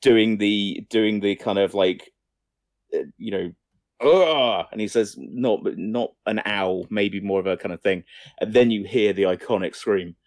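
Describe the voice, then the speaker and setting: A man's voice: fairly low pitch, steady tone, normal speed, a little mellow, no room sound, studio quality. A young man co-hosting a casual film-news podcast, rambling, swearing lightly and often abandoning sentences halfway. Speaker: podcast co-host.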